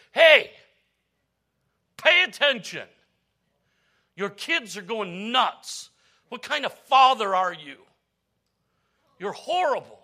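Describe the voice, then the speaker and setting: Telling a story during a sermon to his church, a pastor with a fairly high-pitched voice swings widely between hushed, quiet lines and loud, raised ones.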